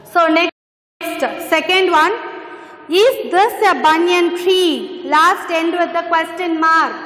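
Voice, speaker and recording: A woman's voice: extremely high pitch, slow pace, a bit bright. A woman teaching an English grammar lesson, patiently repeating phrases as she explains. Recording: echoey room with long reverb.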